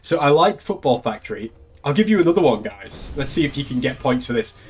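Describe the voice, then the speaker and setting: A man's voice: medium pitch, big pitch swings, a little fast, husky. An English man, a young adult, chatting casually on a live stream, laughing often and swearing freely. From England. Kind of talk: casual chat.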